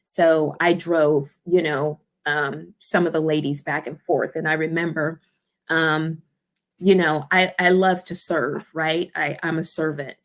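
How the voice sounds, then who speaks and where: A woman's voice: low voice, fairly even intonation, unhurried. A woman who founded a support organization tells a personal story in an interview, earnest and heartfelt, often saying "you know" and "I remember".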